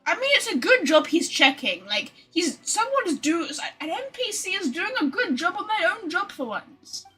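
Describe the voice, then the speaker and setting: A woman's voice: very high-pitched, sing-song, moderate pace, pushed and bright, faint music behind. A woman streaming a video game, chatting casually, swearing freely and talking to her cat. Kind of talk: casual gameplay commentary.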